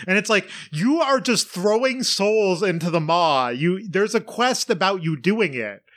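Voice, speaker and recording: A man's voice: sits high, animated, unhurried, fairly bright tone. A man co-hosting a podcast, chatting casually and animatedly about a video game, laughing and swearing. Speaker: podcast co-host. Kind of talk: casual gaming chat.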